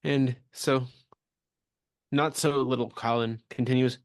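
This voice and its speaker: A man co-hosting a podcast, recapping a comic chapter in animated casual chat. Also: moderate pace, pauses often, dry recording, clean studio sound. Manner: animated, jumps into high excited tones when quoting. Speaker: podcast co-host.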